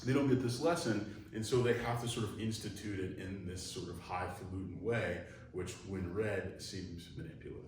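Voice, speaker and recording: A man's voice: low-pitched, moderate pace, hardly any pauses, a little mellow. A man giving a psychology lecture in a conversational, digressive way, acting out quoted voices as he goes. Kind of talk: recorded online lecture. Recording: echoey room, mic far off, faint noise.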